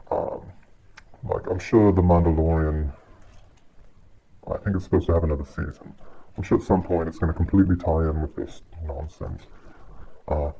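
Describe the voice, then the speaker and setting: A man giving a casual, exasperated movie rant on his channel, swearing often and sighing between points. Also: low-pitched. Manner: exasperated, profane, frequent sighs. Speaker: video creator reviewing a movie. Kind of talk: casual ranting commentary. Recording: dull lo-fi audio with faint hiss.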